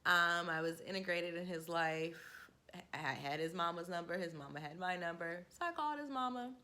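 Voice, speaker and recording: A woman's voice: on the low side, normal speed. A woman in her forties casually telling a personal story to camera, candid and laughing, acting out what people said. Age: 40s. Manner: candid, laughing, animated quoting. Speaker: vlogger.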